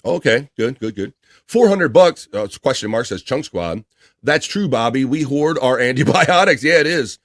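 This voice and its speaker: A man's voice: mid-range voice, animated, normal speed, a bit bright, dry recording, studio quality. A man hosting a casual livestream, reading viewer messages aloud in a loose, chatty way. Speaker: livestream host reading chat. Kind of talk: casual chat.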